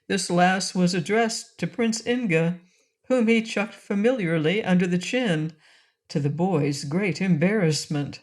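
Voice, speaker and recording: A woman narrating a classic children's audiobook in a gentle, clear reading style. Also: fairly low pitch, a little slow. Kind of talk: storybook narration.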